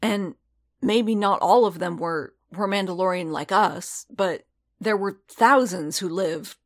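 Weary male bounty hunter read by a woman, unhurried and earnest. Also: mid-range voice, close to an everyday voice. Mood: sharp.

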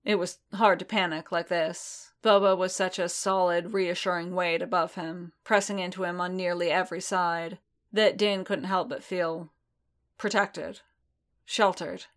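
Woman narrator, fan fiction audiobook, slow measured delivery, lower-pitched voice. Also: fairly even intonation, a bit bright.

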